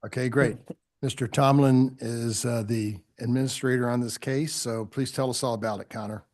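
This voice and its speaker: A man chairing a public board meeting, swearing people in courteously and pausing with fillers. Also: mid-range voice, steady tone, a little mellow. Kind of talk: formal public meeting procedure. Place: meeting room with podium.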